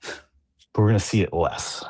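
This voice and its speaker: Here a man's voice sits on the low side, a little mellow and husky, at a measured pace; the studio-quality recording has no echo. He's co-hosting a podcast, a Southern Californian drifting through casual talk with many fillers and restarts.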